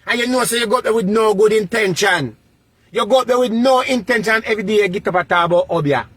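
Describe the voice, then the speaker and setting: A man with a Jamaican accent and a notably high voice, lecturing someone in a vlog rant. He hammers points by repeating them in a sing-song, preacher-like cadence. The sound is close and dry. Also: fast talker, fairly bright tone, husky, no room sound. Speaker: vlogger. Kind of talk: scolding social media rant.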